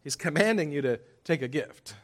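Lively male pastor preaching. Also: on the high side, normal speed. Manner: lively preaching, audience call-and-response, playful exaggeration. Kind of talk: sermon.

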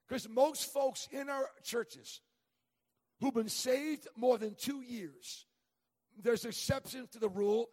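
This middle-aged traveling evangelist has an extremely high, slightly mellow voice. Preaching in a church sanctuary with long reverb, he tells stories with humor while stumbling over frequent restarts.

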